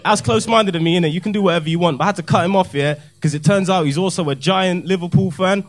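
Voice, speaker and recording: A young man, his speaking voice set notably high, delivers a stand-up set in a comedy club. He is deadpan and self-mocking and uses plenty of street slang. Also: fast talker, background noise. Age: young adult.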